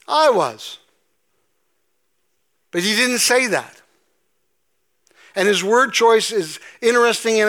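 A man's voice: high-pitched, a bit bright. A man pastor giving a sermon, explaining scripture conversationally with frequent fillers and restarts. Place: church sanctuary.

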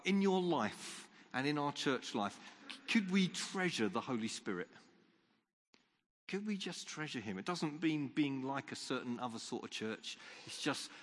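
A man's voice: mid-range voice, fairly bright tone. A man preaching a sermon as pastor, earnest and restarting his sentences often. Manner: earnest, repeats words when starting sentences. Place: church. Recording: long church hall reverb.

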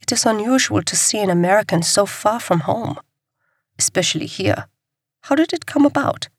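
Woman voicing a hushed wary European contact. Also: mid-range voice, animated, normal speed, breathy edge, dry recording, studio quality, voice pushed up.

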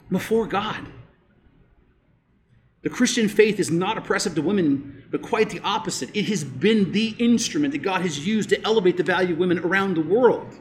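Preaching as a pastor, a man delivers an emphatic sermon, climbing in pitch on the main points and sinking low and slow to press them in.

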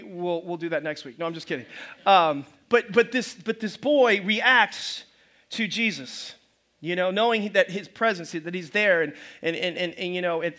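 At a church service, a male pastor preaches in a loose, conversational style, frequently restarting his phrases. His voice sits high and has a sharp tone.

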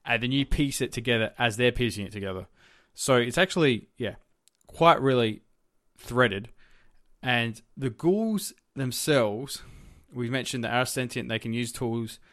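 A man's voice: medium pitch, unhurried, fairly bright tone, no room sound, clean studio sound. Rambling man in casual film chat. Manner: rambling, searching for words with many fillers. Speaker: podcast co-host.

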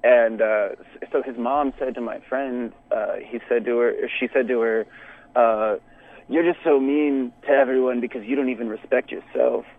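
With a medium pitch and moderate pace, a young man from Texas shares a story in easygoing podcast talk. Animated and filler-heavy, he laughs often. The audio comes across tinny, as if over a phone.

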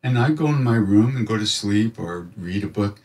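A man telling a reflective personal story, animated and acting out other people's voices in his quotes. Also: fairly low pitch, normal speed, recorded from a distance. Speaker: spiritual storyteller.

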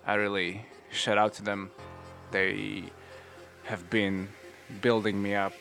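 A young man with non-native English and a North American tinge rambles through a casual vlog, slangy and laughing to himself. His voice sits low and unhurried, drawn out at a slow pace. Faint music plays behind him on a home microphone. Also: flat delivery, creaky, fairly bright tone. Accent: non-native English with North American touches. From small industrial town in a former communist country. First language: not English. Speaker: vlogger. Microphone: new home microphone.

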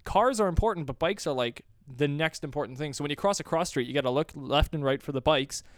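A man's voice: on the high side, quick pace, no echo, clean studio sound. A young man from Canada co-hosting a podcast, chatting casually in a rambling, playful way and laughing often. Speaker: podcast co-host. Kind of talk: casual chat.

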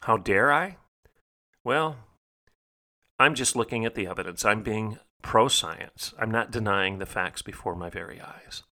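Middle-aged guy preaching hard on his podcast, bright forceful voice, keeps repeating lines for punch. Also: fairly low pitch, normal speed. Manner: emphatic, rhetorical, repeats phrases for stress. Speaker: podcast host. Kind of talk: preaching monologue.

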